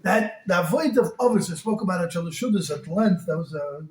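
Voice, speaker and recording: A rabbi giving an animated sermon that rises to shouts. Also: male voice, high-pitched, quick pace. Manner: animated, rising to shouts, heavy use of Hebrew and Yiddish terms. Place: synagogue hall. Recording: echoey hall.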